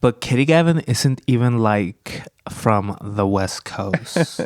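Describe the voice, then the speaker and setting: A man co-hosts a casual podcast, teasing and cracking deadpan jokes. His pitch swings widely as he cuts in on his co-host. The recording is close and dry. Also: takes it slowly, no echo.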